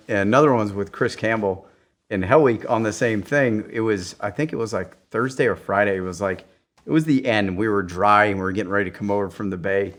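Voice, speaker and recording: Animated man telling war stories. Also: fairly low pitch, brisk. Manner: animated storyteller who acts out quotes in raised voices; swears freely, laughs through stories. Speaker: podcast guest, special ops veteran. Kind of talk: casual storytelling.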